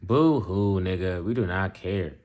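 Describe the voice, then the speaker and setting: A man's voice: fairly low pitch, expressive, moderate pace. Young man mocking bluntly in slang. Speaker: reaction video host. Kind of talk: casual reaction commentary.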